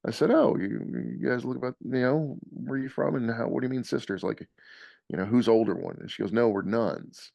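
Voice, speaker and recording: A man telling a lively story in casual podcast chat, laughing often. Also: mid-range voice, a little fast, creaky, no room sound, dull audio. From American South.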